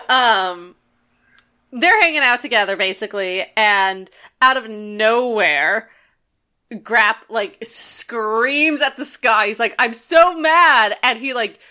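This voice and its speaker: A woman's voice: fairly high pitch, sharp tone. A woman co-hosting a podcast, recapping an episode in a playful, joking way with many fillers. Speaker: podcast co-host.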